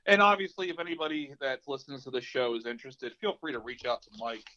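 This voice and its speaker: A man's voice: mid-range voice, fast talker. A young man co-hosting a podcast in casual chat, telling a story with energy, swearing freely and acting out the voices of people in it. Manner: animated storyteller, swears freely, acts out quotes. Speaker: podcast co-host. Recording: slightly dull lo-fi sound.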